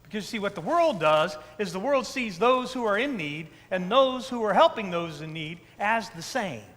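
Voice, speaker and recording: Here a man preaches in a high, animated, somewhat bright voice at a normal pace. His sermon feels conversational, peppered with "right?" to the congregation and emphatic repeated phrases, and the church sanctuary lends it a long reverb.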